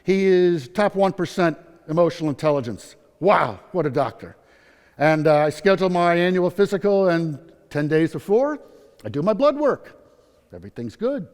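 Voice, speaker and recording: A man's voice: high-pitched, animated, normal speed, a little mellow. A man in his sixties gives a personal story talk at a conference, upbeat and humorous, acting out quotes. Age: 60s. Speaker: patient speaker at a nursing conference. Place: conference hall. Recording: long hall reverb.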